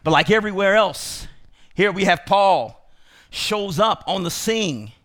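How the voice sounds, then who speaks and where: Pastor guy with a really high voice, preaching hard, repeats lines, gets loud and shouty. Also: lively intonation, unhurried. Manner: emphatic, repetitive, bursts into shouting; addresses congregation directly. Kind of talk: sermon.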